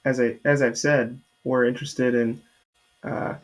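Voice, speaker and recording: A man takes his turn in a tabletop game with a mid-pitched voice. He stumbles and hesitates, filling the gaps with ums and uhs as he tries to speak formally. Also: level tone, low-quality recording. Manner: halting, hesitant, full of fillers. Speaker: player. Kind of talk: casual tabletop role-play.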